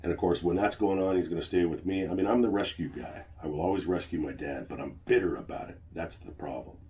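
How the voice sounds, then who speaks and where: Man, very low voice, dark mellow tone, middle-aged, blunt and profane, venting monologue, faint hiss behind. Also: quick pace. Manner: blunt, heavy swearing, venting. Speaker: channel host. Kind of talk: personal vlog monologue.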